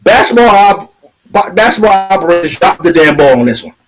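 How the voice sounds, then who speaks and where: High-voiced New man ranting about sports. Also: very animated, brisk, low-quality recording. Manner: ranting, profane, trash-talking. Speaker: podcast co-host. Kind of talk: heated sports talk.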